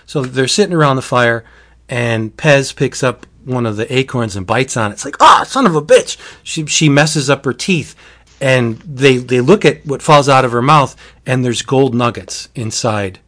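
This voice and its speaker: A man's voice: mid-range voice, measured pace, fairly bright tone. Man in casual chat retelling a book, rambling delivery, frequent restarts and laughs. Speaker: book reviewer.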